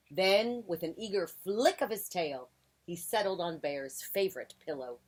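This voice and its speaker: A woman reading a children's picture book aloud on a porch, animated and playful. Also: lowish voice, a little slow, breathy edge. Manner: animated, playful, drops to a hush for quiet moments. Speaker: children's story reader. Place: outdoor porch.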